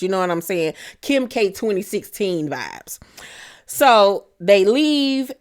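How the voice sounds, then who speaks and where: A woman, hosting a casual reality TV recap and gossiping animatedly as she acts out the cast's lines. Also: medium pitch.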